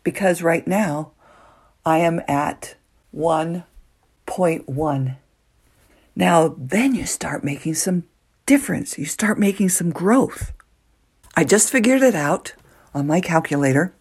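A woman hosting a solo motivational podcast, earnest and emotional, moving between soft hushed lines and excited bursts. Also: lowish voice, slow pace, long pauses, husky. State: nervous, emotional. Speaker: podcast host.

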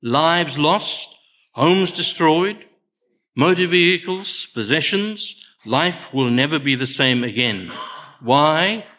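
A man's voice: fairly high pitch, expressive, pushed and bright. An older man preaching a sermon, telling stories unhurriedly and stressing points through repetition. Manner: unhurried storytelling with emphatic repetition. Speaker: pastor.

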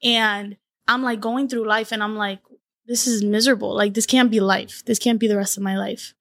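A young woman from Latin America, a wellness coach, telling her story on a podcast in a candid, animated way, acting out quotes. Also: mid-range voice, normal speed, vocal fry, no room sound. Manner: animated, acts out quotes in lively voices.

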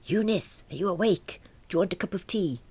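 A woman doing a gentle, mild older dad. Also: on the low side, a little fast, breathy edge, dry recording, voice pushed up. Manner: soft, gentle.

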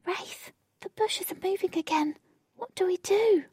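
A woman voicing a young flying female companion who calls out in high, breathless alarm. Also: very animated, normal speed, warm tone, husky, dry recording, heavily acted. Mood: anxious.

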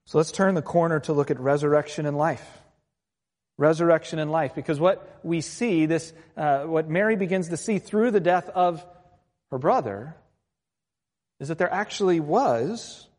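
A man preaching a sermon as a pastor, earnest, moving between quiet reflective lines and raised passages. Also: on the high side, measured pace. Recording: long hall reverb.

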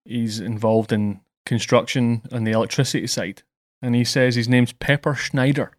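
A man hosting a caddie podcast, teasing his guests and telling lively stories in casual chat. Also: medium pitch, moderate pace.

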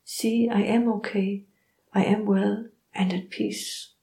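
A woman voicing a calm, loving female dog spirit who speaks softly and soothingly. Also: medium pitch. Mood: gentle, soothing. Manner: soft, slow and soothing. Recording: roomy echo.

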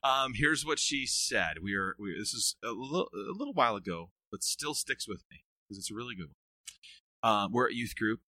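A middle-aged man talking about youth ministry in a casual podcast interview, telling stories with earnest energy and quick laughs. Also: on the low side, animated, bright, forceful tone, dry recording.

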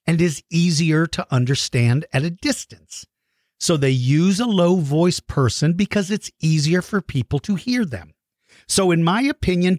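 A man with a voice on the high side hosts a question show, answering viewers' questions about dinosaurs in a playful, teacherly way for young audiences. He speaks into his own microphone, and the dry recording has a clean studio sound. His explaining is lively and kid-friendly.

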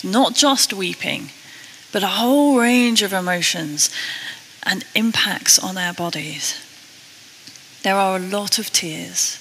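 A British woman preaching a sermon, earnest and a little self-deprecating, slowing down to read scripture. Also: fairly low pitch, bright, forceful tone, in a large hall, a little hiss or hum, rough recording. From Britain.

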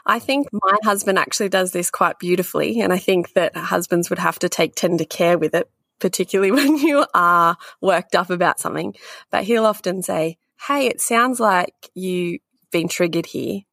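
A married woman with a fairly low voice shares reflective thoughts from her own life. She speaks in a relaxed conversational way, with dry, close sound. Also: brisk, vocal fry, dry recording. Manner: reflective, gives personal examples. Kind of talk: conversational chat.

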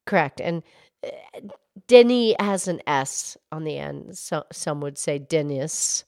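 A woman voicing a gentle female cow who calmly explains history on a children's show. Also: low voice, unhurried, vocal fry, no room sound, clean studio sound, heavily acted. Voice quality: calm, explanatory, hesitant restarts. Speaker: co-host, explainer.

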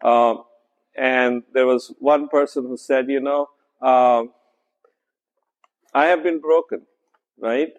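In a church sanctuary, a male pastor preaches a conversational sermon with a medium-pitched, steady voice. He speaks slowly and deliberately, uses many fillers, and keeps checking in with "right?"; the audio has a long reverb tail with the highs cut off.

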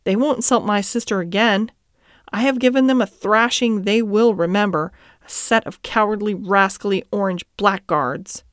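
A fiery young boy from an old storybook, indignant and quick to defend his sister, as a woman reads him. The voice is smooth and dry, close to the mic. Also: medium pitch, no echo, natural voice.

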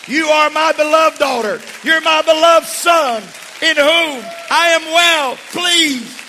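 A man voicing the proud heavenly father booming down from heaven, in a gravelly, drawn-out, exultant way, with a long church reverb. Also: pushed and bright, some chatter behind, a little hiss or hum, exaggerated voice. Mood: solemn booming.

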